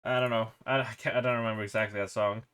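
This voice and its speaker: A man's voice: on the low side, little pitch movement, rapid-fire, fairly bright tone, slight background noise. A man, chatting casually and rambling on a live stream, laughing and swearing as he goes. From Sweden.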